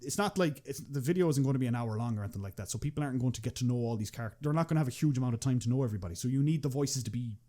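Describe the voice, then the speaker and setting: An expressive young man from Ireland races through his words with few pauses, his mid-range voice carrying a dark tone. Appearing as a podcast guest, this machinima maker rambles casually, with many restarts, fillers and free swearing.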